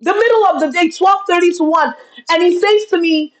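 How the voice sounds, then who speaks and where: A woman's voice: very high voice, brisk, poor audio. A woman business coach live-streaming on webcam, speaking with impassioned, preacher-like fervor and calling her viewers y'all. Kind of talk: live-streamed motivational talk. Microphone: video call webcam.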